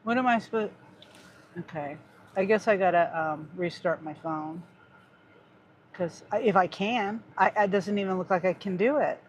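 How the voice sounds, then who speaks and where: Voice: medium pitch, normal speed, a little hiss or hum. A gig delivery driver vlogging to viewers, sighing and muttering in exasperation at a glitching phone. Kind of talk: casual vlog talking to viewers.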